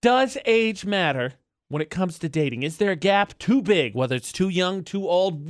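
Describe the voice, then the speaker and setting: A man's voice: sits high, very animated, normal speed, a bit bright, no echo. A man in his thirties co-hosting a morning radio show, bantering in a jokey, rambling, playfully indignant way from a radio studio. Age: 30s.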